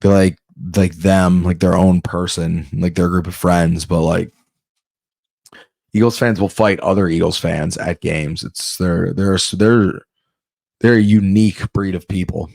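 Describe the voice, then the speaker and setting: A man's voice: low-pitched, steady tone, a little slow, gravelly, darkish tone, dry recording, studio quality. A man doing a rambling comedic monologue, often breaking off and restarting mid-sentence. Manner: rambling, self-interrupting, off-the-cuff.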